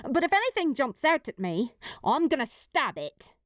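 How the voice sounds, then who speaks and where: A woman's voice: high voice, sing-song, dry recording, studio quality, voice pushed up. A woman narrator voicing a feisty, outspoken young woman in an audiobook. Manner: brash, quick and outspoken. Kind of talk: audiobook character voice.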